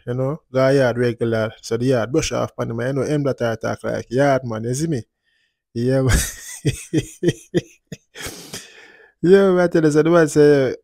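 A man's voice: mid-range voice, darkish tone, dry recording, clean studio sound. A man hosting a casual commentary vlog, talking in a laid-back, drifting way and often tagging on "you see me". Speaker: channel host and commentator.

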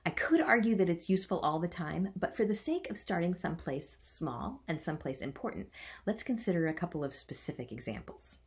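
A woman's voice: on the low side, big pitch swings, a little fast. A woman teaching a writing workshop. She chants the stressed beats aloud and adds playful, self-mocking asides. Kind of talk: online writing lesson.

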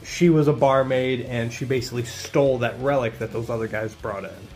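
A man casually recapping a comic book issue for his channel in a relaxed, conversational way. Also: medium pitch, fairly quick, soft background music.

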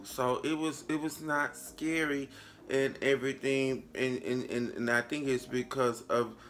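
Speaking a little slowly, a man in his late twenties offers a lively, sassy, informal film review, calling the viewer "honey" and switching to a high voice to quote himself. There's a slight hiss or hum in the recording.

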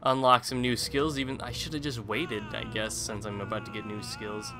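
A man's voice: lowish voice, little pitch movement, moderate pace, noisy background. A man casually commentating his own gameplay, rambling with jokey self-mocking asides. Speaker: gaming YouTuber. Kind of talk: casual let's-play commentary.

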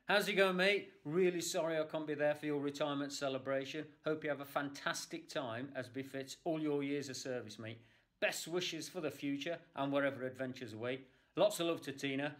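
A man's voice: on the high side, brisk, a bit bright. A man giving a boisterous, enthusiastic farewell message. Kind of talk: casual video greeting.

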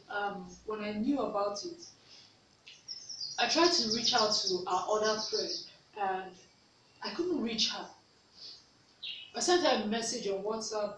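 A Nigerian woman vlogger telling a personal story, earnest, repeating herself for emphasis. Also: a little high. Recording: echoey room, mic at a distance, faint noise.

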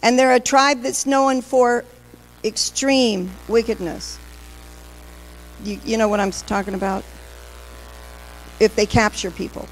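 A woman's voice: a little high, steady tone, a little slow, pauses often, a little hiss or hum. A woman pastor preaching a sermon, emphatic and questioning the congregation directly. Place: large church hall. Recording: long hall reverb.

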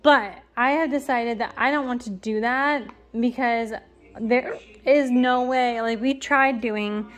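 A woman's voice: a little high, fairly even intonation, slow, fairly bright tone, soft background music. A young woman giving a casual home vlog update, rambling with lots of fillers and restarts, and she has the hiccups. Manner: rambling, filler-heavy, self-correcting. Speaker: parent vlogger.

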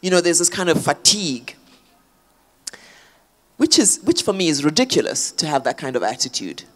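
A woman's voice: deep voice, big pitch swings, moderate pace. A woman, an author, speaking thoughtfully in a public on-stage conversation, with many fillers and restarts. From South Africa. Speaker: author guest.

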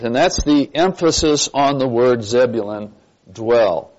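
Slow, emphatic pastor teaching Bible class. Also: male voice, on the high side, sing-song. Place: church classroom. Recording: dull lo-fi recording.

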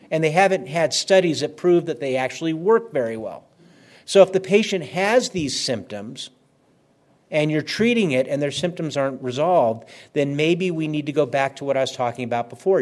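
A man's voice: a little high, a little mellow. A man giving a conversational medical lecture, stressing key words and repeating them for emphasis. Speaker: physician lecturer.

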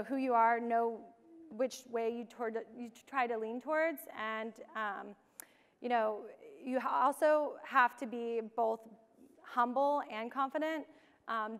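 A woman's voice: fairly high pitch, clean tone. A young woman giving a casual conference talk, full of ums and you-knows. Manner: casual, many fillers like um and you know. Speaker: conference speaker. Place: large conference hall. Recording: long hall reverb.

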